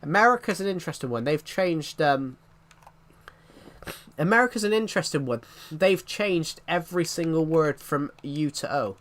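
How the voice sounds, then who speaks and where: A British gamer in his twenties rambles on a live stream, casually responding to viewers' comments. He sounds a little high, animated and fairly bright, at a normal speed.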